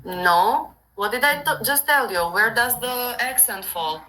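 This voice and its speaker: A woman's voice: a little high, lively intonation, unhurried, pushed and bright, rough recording. A woman with an Italian accent, a native Italian speaker, patiently teaching and correcting pronunciation in a casual online lesson. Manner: patient, correcting, explains with hesitant English. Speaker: Italian tutor.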